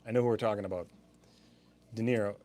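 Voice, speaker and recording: A man's voice: on the low side, fairly even intonation, quick pace, mellow. A young man hosting a live-stream sale, chatting casually with easy laughs and rambling asides.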